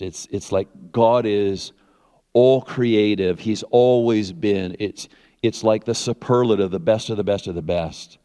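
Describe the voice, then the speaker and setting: A man preaching a sermon as a pastor, in an animated, conversational way with frequent restarts. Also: lowish voice, long reverb tail.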